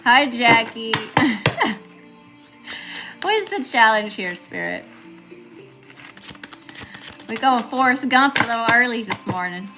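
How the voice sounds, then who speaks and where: A woman's voice: on the high side, lively intonation, slow, long pauses, over music. A woman with a Southern accent doing a live tarot reading, chatty and casual, greeting viewers by name between cards. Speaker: tarot reader.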